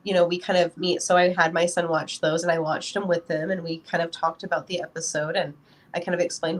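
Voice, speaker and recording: A podcast guest speaking as a parent, this woman has a fairly low voice with little pitch movement and a brisk pace. She chats casually and rambles, leaning heavily on "you know."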